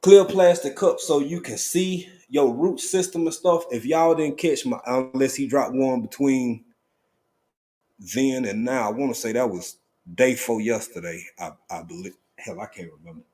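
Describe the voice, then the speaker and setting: A medium-pitched man speaks at a normal pace on an easygoing live stream, his relaxed drawl giving way to sudden excited bursts as he greets viewers by name.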